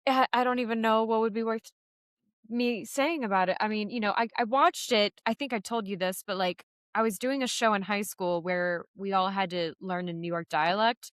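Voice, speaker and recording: A woman's voice: mid-range voice, fairly even intonation, moderate pace, a bit bright, clear, resonant tone, no echo, studio quality. A woman from Southern Indiana co-hosting a podcast, chatting casually about a movie and laughing easily. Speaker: podcast co-host.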